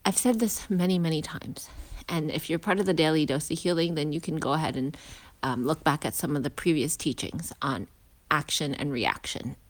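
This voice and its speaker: A woman, a healing practitioner and parent, gives a casual spoken lesson while walking outdoors to school, reflective and pausing, with restarts and hushed asides. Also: low voice.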